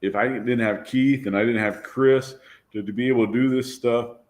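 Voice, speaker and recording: A man's voice: medium pitch, fairly even intonation, normal speed, darkish tone. A man, a drag racer and guest, telling a story about his car in a loose, self-deprecating way, laughing and swearing as he goes. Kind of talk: casual storytelling.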